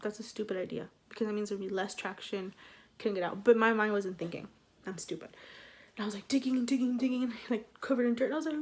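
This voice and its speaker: A young woman in a casual storytime vlog, animated and swearing, acting out what people said. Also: mid-range voice, fast talker. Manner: animated, swearing, acts out quotes with laughs. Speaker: vlogger.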